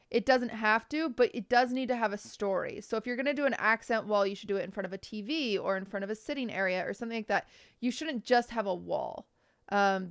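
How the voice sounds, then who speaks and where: A woman's voice: a little high, clean tone. A woman streamer giving blunt, teasing design critiques in a casual livestream chat. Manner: blunt, teasing, nitpicky advice. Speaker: streamer reviewing viewers' bedrooms.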